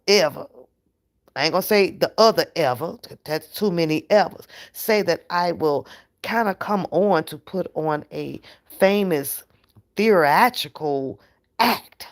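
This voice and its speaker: A woman hosting her own channel in a casual, profane livestream rant, animated and laughing often. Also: fairly low pitch, a little slow. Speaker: channel host.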